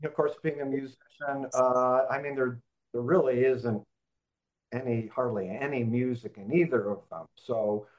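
A man co-hosting a casual movie podcast, speaking haltingly with many fillers. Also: medium pitch, steady tone, darkish tone, lo-fi sound. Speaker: podcast co-host. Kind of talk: casual chat.

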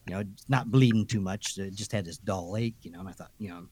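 Talking fast in a husky, lowish voice with no echo, a podcast co-host tells a ghost story. His delivery is chatty and animated, rambling and casual, full of restarts and asides.

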